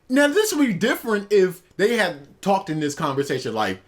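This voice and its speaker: A man co-hosting a casual podcast, reacting in an animated, incredulous way. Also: high voice, normal speed. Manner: animated, incredulous, rants with acted quotes. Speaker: podcast co-host.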